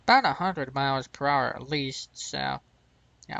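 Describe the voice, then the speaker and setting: Gravelly American man rambling over gameplay. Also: mid-range voice, moderate pace, bright, forceful tone, no echo, dull audio. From United States. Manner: rambling, self-mocking, chuckles at his own mistakes. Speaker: gaming channel host. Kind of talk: casual gameplay commentary.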